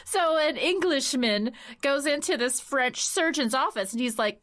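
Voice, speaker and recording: Jokey high-voiced woman host. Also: animated, fairly bright tone. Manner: jokey, quick, laughs often. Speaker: podcast host. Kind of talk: casual comedic chat.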